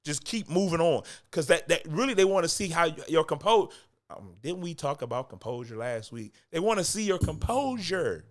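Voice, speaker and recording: This man's voice is fairly high and expressive, moving at normal speed as he gives casual acting coaching close to the mic. Conversational throughout, he repeats his points for emphasis and chuckles between lines.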